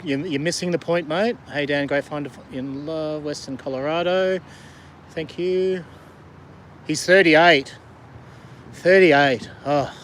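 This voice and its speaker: Chatty middle-aged Australian man, fairly high. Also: a bit bright, a little hiss or hum. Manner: chatty, rambling, friendly, many fillers. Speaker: vlogger and diver. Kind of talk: casual live-stream chat, reading viewer comments. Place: outdoors on a river kayak in the rain.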